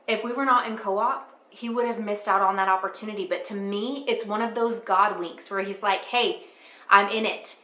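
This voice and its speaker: A middle-aged homeschool mom chats earnestly to her viewers, her voice bright and clear. She speaks casually, with fillers and warm faith in her words. The room around her sounds echoey. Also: mid-range voice, steady tone, fairly quick, few pauses. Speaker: homeschool mom and channel host. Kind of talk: casual talk to camera.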